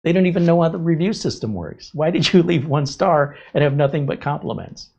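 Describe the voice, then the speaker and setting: A middle-aged man hosting a casual live stream, telling stories in an animated way and laughing often. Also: fairly high pitch, a little fast, gravelly, slightly rough. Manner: animated storytelling, frequent laughter. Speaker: host.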